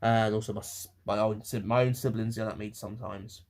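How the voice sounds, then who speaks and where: An eighteen-year-old man rants to camera, rambling, with many pauses and restarts. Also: fairly low pitch, steady tone, a little mellow. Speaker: vlogger. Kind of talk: ranting to camera.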